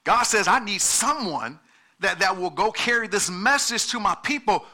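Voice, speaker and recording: A middle-aged male pastor preaching with a very bright, cutting tone and a high voice for a man. He presses his points with repeated words and calls to the people in front of him. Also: lively intonation, normal speed. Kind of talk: sermon.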